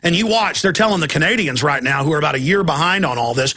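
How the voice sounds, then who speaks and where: A man's voice: high-pitched, expressive, brisk, hardly any pauses, pushed and bright. A middle-aged man hosting a talk radio show, delivering an impassioned, ranting monologue and mimicking opponents' voices. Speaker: radio host.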